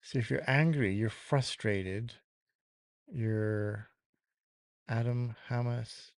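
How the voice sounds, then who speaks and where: A man on a podcast works through quiz clues out loud, muttering names to himself as he goes. He talks in a mid-range, everyday voice. The recording is close and dry. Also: medium pitch, slow pace, dry recording. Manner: thinks aloud, mutters through lists of names. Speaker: podcast co-host guessing clues. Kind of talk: casual podcast quiz banter.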